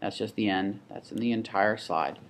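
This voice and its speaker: A man with a somewhat low voice teaches a screen-recorded software tutorial. He talks casually and thinks aloud, with small restarts and asides, like a parent showing another how it is done. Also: moderate pace. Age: adult with a child.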